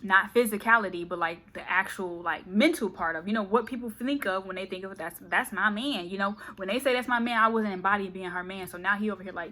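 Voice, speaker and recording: A woman's voice: mid-range voice, a bit bright, a little hiss or hum. Chatty woman giving a playful tarot reading. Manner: fast, chatty, playful, keeps saying okay. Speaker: tarot reader.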